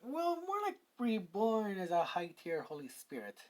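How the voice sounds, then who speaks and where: A man voicing a gentle, grateful young woman in a fan-made story, speaking in a halting way with fillers and restarts. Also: sits high, huge pitch swings, pitched above the performer's own voice, heavily acted, poor audio. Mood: playful.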